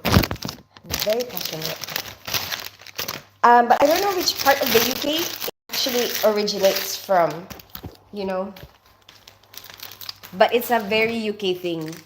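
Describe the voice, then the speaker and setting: There's background noise as a medium-pitched woman, who grew up in the Philippines, chats on a live stream from her home in North London. She reads out comments, greets viewers by name and laughs often.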